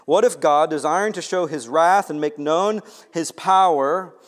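Animated preacher man in an echoing hall. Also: a little high, unhurried. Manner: animated preaching, swinging from hushed to loud. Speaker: pastor. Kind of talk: sermon. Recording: long hall reverb.

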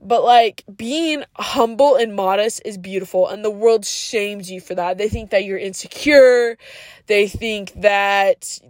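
A woman's voice: mid-range voice, no room sound, clean studio sound. A woman hosting a podcast, giving a casual but earnest, preachy monologue full of "like" and slang such as "yo" and "bro". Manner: frequent "like" fillers. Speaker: podcast host.

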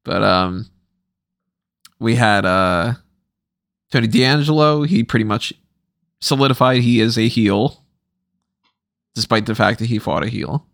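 A man's voice: lowish voice, a little slow, gravelly, long pauses, fairly bright tone, dry recording, clean studio sound. A man co-hosting a casual wrestling chat, wry and laid-back, laughing often. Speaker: podcast co-host.

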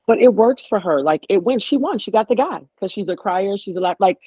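Woman co-host, opinionated and animated, mid-pitch voice on dull lo-fi audio, casual recap chat. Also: brisk, breathy edge, no room sound. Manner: animated and opinionated, acts out quotes.

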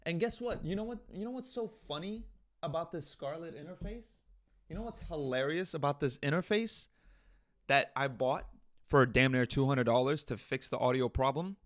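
Animated man venting on his podcast. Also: a little high, normal speed, no room sound, clean studio sound. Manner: animated storytelling, swearing and venting. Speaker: podcast host. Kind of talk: casual solo podcast rant. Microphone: USB interface podcast mic.

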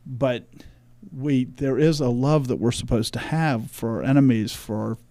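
A man's voice: medium pitch, moderate pace, dark tone, no room sound. Emphatic man preaching on a podcast. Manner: preachy, emphatic, quotes scripture. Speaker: podcast co-host. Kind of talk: religious discussion podcast.

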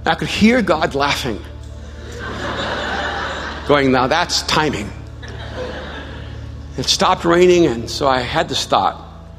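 A man preaching a sermon as pastor, telling a story with self-mocking humor and then turning to a quiet, prayerful appeal. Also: fairly high pitch, animated, takes it slowly, long pauses. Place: large church hall. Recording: live church hall with long reverb and soft music.

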